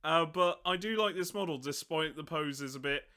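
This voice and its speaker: A man's voice: a little high, moderate pace, sharp tone, smooth. A man hosting a casual hobby chat, rambling and self-mocking, often breaking into giggles. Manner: giggly, keeps breaking into laughter. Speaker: hobby channel host.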